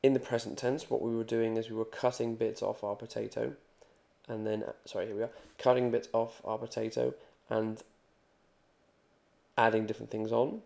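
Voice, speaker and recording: A man teaching Spanish grammar in a video lesson, joking and reassuring as he repeats examples slowly. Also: lowish voice, flat delivery, creaky, a little mellow.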